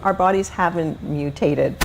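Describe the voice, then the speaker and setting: A woman's voice: lowish voice, a little slow, gravelly, slight background noise, rough recording. A woman guest who teaches pelvic health courses, chatting casually and agreeably with the host. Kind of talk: casual chat.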